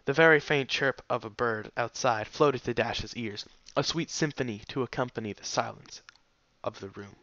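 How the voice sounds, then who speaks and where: A man narrates a fan fiction story in a steady, measured way. His voice is bright and forceful, captured dry and close. The sound is dull and lo-fi. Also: medium pitch, no echo. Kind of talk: audiobook reading of fan fiction.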